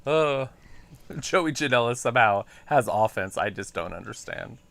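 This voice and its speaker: Low-voiced woman, dry and sarcastic. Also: animated, moderate pace, fairly bright tone. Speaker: live stream co-host. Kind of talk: casual chat watching wrestling.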